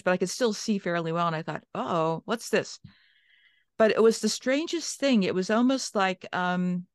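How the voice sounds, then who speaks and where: A woman's voice: fairly low pitch, smooth, no echo, clean studio sound. A woman from Minnesota telling a long personal story as an interview guest, chatty, with restarts and quoted inner thoughts.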